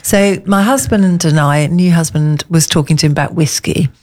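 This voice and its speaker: A woman co-hosting a casual chat, telling rambling, animated anecdotes. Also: deep voice, normal speed. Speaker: co-host.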